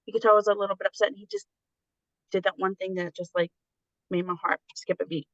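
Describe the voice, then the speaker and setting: A woman's voice: mid-range voice, steady tone, fast, no echo. Woman guest telling family stories, laughs a lot, dry dull-sounding mic. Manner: storytelling, laughs easily. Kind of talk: casual conversation.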